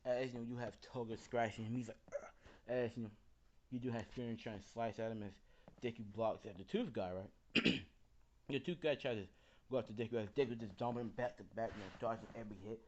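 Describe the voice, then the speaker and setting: A man's voice: medium pitch, steady tone, brisk, dull audio. Rambling young man telling a story. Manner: rambling, full of fillers and swearing. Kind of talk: casual improvised fan-story narration.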